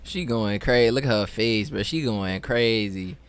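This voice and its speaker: A man's voice: on the low side, moderate pace, clean tone. A young man giving laid-back slangy commentary as he reacts to a video. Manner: laid-back slangy banter, says bro a lot.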